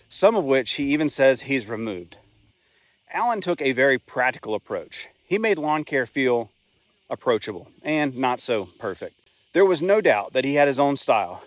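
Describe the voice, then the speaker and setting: A man's voice: mid-range voice, no echo. A man narrating a scripted video essay in a plain, conversational way, with an occasional aside. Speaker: channel host.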